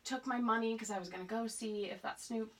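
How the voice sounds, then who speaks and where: A woman's voice: on the high side, brisk, recorded from a distance. A woman in her forties from Oregon, telling a story in a casual podcast chat, acting out old dialogue and laughing often. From Portland, Oregon suburbs. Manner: animated, acts out quoted dialogue, laughs often. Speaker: podcast guest.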